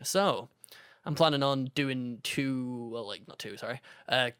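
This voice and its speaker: A man's voice: mid-range voice, measured pace, a bit bright, clean tone, dry recording, studio quality. A man co-hosting a casual podcast, laid-back and easygoing in his banter. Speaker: podcast co-host. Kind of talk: casual chat.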